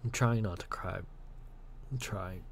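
A man's voice: sits low, measured pace, creaky, a little hiss or hum. A male podcast host giving an emotional monologue, venting raw and profane, sighing heavily and dropping to near-whispers at times.

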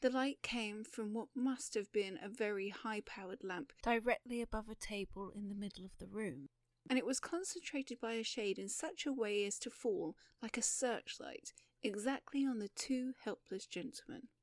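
A woman narrating a story in a measured audiobook reading. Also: medium pitch, dry recording, studio quality.

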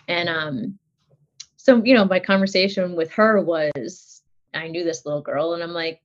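A middle-aged woman appears as a guest on a casual podcast, talking about her kids in a fairly low voice at a moderate pace. She's chatty, laughs often and uses lots of fillers. The audio is dull and lo-fi.

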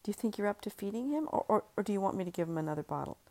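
A woman voicing a placating, anxious husband who speaks softly and hurriedly with stammers. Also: medium pitch, expressive, very fast, voice pushed up, close to an everyday voice.

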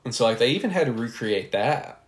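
A man's voice: mid-range voice, sing-song, brisk. A man co-hosting a casual movie podcast, chatty and laughing often as he recaps scenes. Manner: chatty, laughs often, acts out film lines. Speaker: podcast co-host.

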